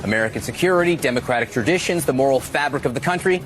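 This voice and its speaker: A man's voice: mid-range voice, expressive, racing, fairly bright tone, faint music behind. A man delivering a sarcastic scripted television commentary in punchy short lines. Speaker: news anchor.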